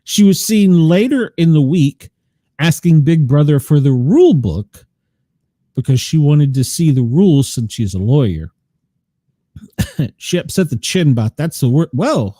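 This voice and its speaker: A man's voice: fairly high pitch, sing-song, normal speed, dark tone, dry recording. A man co-hosting a casual reality-show recap, gossipy and retelling scenes with quoted lines. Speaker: podcast co-host.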